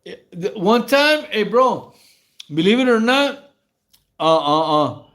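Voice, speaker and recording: High-voiced rambling storyteller man. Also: big pitch swings, slow pace, a bit bright. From Mexico. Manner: rambling, stammering slang-heavy storytelling with frequent laughs. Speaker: livestream host. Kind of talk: casual prison stories on a livestream.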